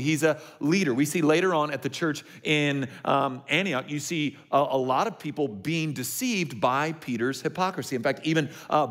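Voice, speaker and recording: A male pastor delivering a sermon in a loose, conversational manner, often checking in with the congregation. His voice jumps up and down as he acts out the lines he quotes. His pitch sits right in the middle for a man. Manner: conversational and animated, checks in with listeners.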